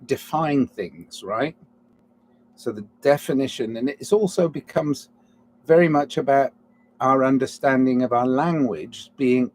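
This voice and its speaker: A man's voice: medium pitch, darkish tone, slight background noise. A man giving a rambling, reflective solo monologue, often restarting mid-thought, flaring up and then apologizing with self-mocking asides. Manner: digressive, restarts mid-thought, swings between musing and heated outbursts. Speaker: solo podcaster.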